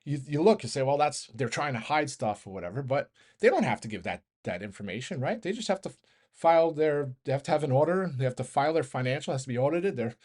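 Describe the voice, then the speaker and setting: A man's voice: on the high side, lively intonation, a little mellow. A man hosting a stock market show, delivering a casual, rambling rant, often correcting himself and laughing. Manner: rambling, self-correcting, fast train of thought.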